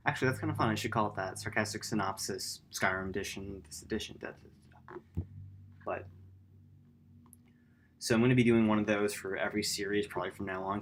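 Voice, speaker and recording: A man hosting a gaming channel, talking through his upload plans in a rambling, self-correcting late-night vlog. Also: a little hiss or hum. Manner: quiet, low-key.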